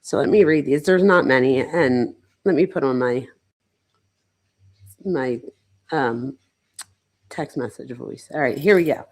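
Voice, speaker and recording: With an extremely low, darkish voice, a woman psychologist hosts a casual true-crime livestream. She speaks a little slowly and pauses often, chatting loosely with frequent "like"s and self-corrections.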